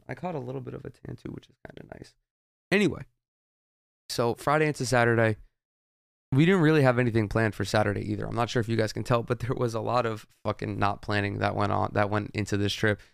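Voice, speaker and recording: A man's voice: lowish voice, gravelly, clean tone, no room sound, clean studio sound. A young man hosting a podcast, telling a rambling, profane story in a casual monologue. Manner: rambling, profane, with frequent restarts. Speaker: podcast host.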